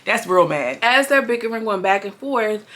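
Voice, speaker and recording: Young woman vlogger, bright edge to the voice, blunt and profane, exasperated recap talk. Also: mid-range voice, expressive, moderate pace. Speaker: reality show recap vlogger. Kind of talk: casual commentary.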